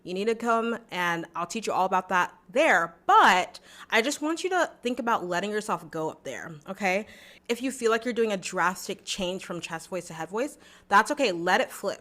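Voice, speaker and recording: A woman's voice: mid-range voice, lively intonation, a little fast, fairly bright tone. A young adult woman vocal coach teaching a singing lesson in a chatty, encouraging way, breaking into short sung demo notes.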